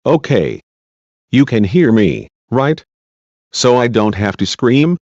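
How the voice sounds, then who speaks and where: A man's voice: mid-range voice, animated, takes it slowly, darkish tone, dry recording. A man reading a female witness's answers from a deposition, short and polite, in a dull lo-fi recording.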